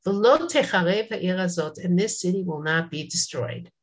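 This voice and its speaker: A woman's voice: fairly low pitch, moderate pace. Woman teaching a Bible text lesson. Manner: reads Hebrew verses then translates, conversational asides.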